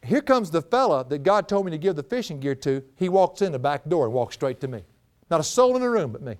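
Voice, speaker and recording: A man's voice: fairly high pitch, big pitch swings, quick pace. A middle-aged man with a drawl preaching a folksy storytelling sermon, often breaking into laughter.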